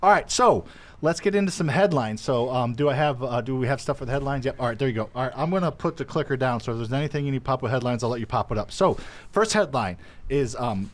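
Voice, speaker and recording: A man's voice: medium pitch, animated, fast. Joking, rambling male show host. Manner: joking, rambling with many fillers. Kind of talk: live show casual chat.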